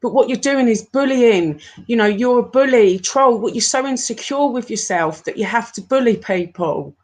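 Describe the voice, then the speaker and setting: A woman in her forties, talking to her viewers in an upset, halting rant, often stopping and repeating herself. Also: fairly high pitch, lively intonation, a little mellow. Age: 40s. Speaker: YouTuber. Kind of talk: emotional live-stream rant.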